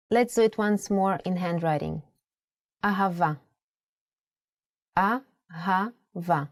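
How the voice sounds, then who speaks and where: A woman's voice: mid-range voice, a little mellow. Teacher woman. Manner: clear, slow spelling-out of sounds. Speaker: Hebrew language teacher. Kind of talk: scripted lesson narration.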